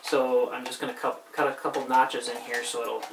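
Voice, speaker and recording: A man demonstrating how he builds a costume, talking casually and haltingly, breaking off mid-sentence as he works with his hands. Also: medium pitch, fairly even intonation. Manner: halting, thinks aloud while working with hands. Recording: roomy, distant, loud background noise.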